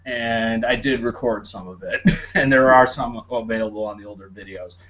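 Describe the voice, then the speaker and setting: A man's voice: medium pitch, fairly even intonation, normal speed, a bit bright, muffled recording. A man on a casual podcast, telling stories in a chatty way with laughs and fillers. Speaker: podcast host. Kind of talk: casual chat.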